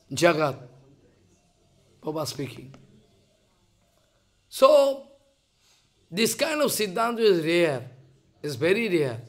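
An older man with a Bengali accent gives a devotional lecture in broken English, emphatic and repeating his phrases. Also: sits high. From India. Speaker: spiritual teacher.

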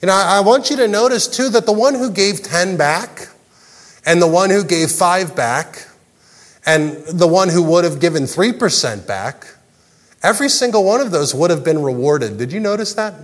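A man's voice: high voice, expressive, moderate pace. Man, pastor, earnest sermon, stumbles over repeated words, long hall reverb. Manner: earnest, repeats words when stressing a point.

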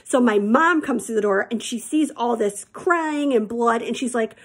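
A woman's voice: fairly high pitch, moderate pace, hardly any pauses, a bit bright. A woman teacher telling her students a personal story in a chatty, candid way and calling them friends.

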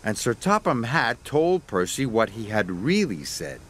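A man narrating a children's story in a gentle, expressive storyteller manner. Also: mid-range voice, measured pace, hardly any pauses, slightly rough. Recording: narration over music score.

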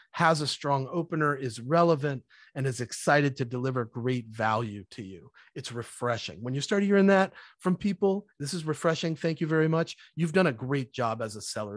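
A man speaking as a podcast guest, energetic and conversational, now and then acting out little scenes in mock voices. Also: mid-range voice, no room sound, clean studio sound. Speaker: podcast guest, sales evangelist. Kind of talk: conversational interview.

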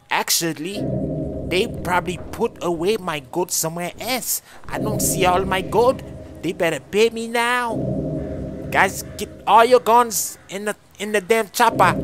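A man voicing a menacing male crime boss, giving slow threatening orders in a game roleplay. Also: high voice, heavy background noise.

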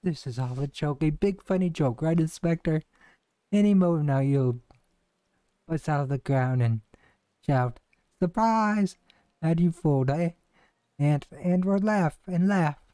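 A man's voice: on the high side, lively intonation, measured pace, pauses often, dark tone, no room sound. A man voicing an earnest, theatrical young woman detective's sidekick, reading game cutscene dialogue aloud with some stumbles.

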